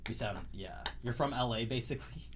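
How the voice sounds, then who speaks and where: A man's voice: medium pitch, fairly quick, a little hiss or hum. Canadian man, dry cough, rambling host. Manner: rambling, self-interrupting, chatty. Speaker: livestream host. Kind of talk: casual livestream chat.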